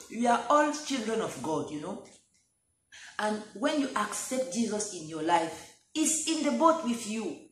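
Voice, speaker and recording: A woman who is not a native English speaker preaches a sermon while she has a cold, repeating phrases and building to loud, pleading calls. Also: a little high. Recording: echoey room, faint background noise.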